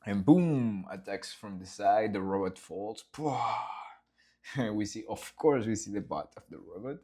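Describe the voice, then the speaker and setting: Lively man explaining his storyboards. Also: lowish voice, moderate pace. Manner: enthusiastic, acts out scenes with sound effects and swearing. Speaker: animator walking through his storyboards. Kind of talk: casual behind-the-scenes vlog.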